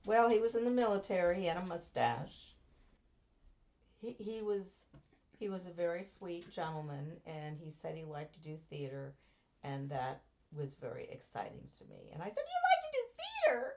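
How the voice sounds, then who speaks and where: An older American woman with a notably low-pitched voice, sharing memories with her grown child. She wanders from story to story, breaking off mid-sentence and circling back as details come to her. Her tone stays conversational and unhurried. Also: expressive, creaky, a little mellow. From United States. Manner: rambling, meandering recollection with restarts. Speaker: interviewee, mother. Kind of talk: reminiscing in a family oral-history interview.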